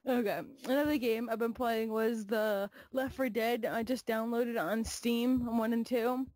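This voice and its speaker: A young woman co-hosting a casual gaming talk show, animated, swearing freely, laughing often and packing her talk with fillers. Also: fairly high pitch, a little slow, no room sound. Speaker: co-host.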